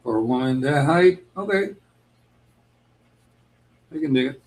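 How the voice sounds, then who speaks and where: A man from Chicago with a Chicago accent, chatting casually with viewers while drawing on a livestream, laid-back and quick to laugh. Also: medium pitch, expressive, darkish tone. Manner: laid-back, laughs often, restarts sentences. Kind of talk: casual chat.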